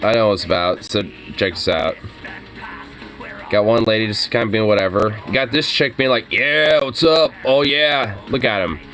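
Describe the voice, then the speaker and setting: A man's voice: on the low side, normal speed, a bit bright, faint music behind. A young man giving casual reaction commentary, ranting with heavy profanity and frequent laughter.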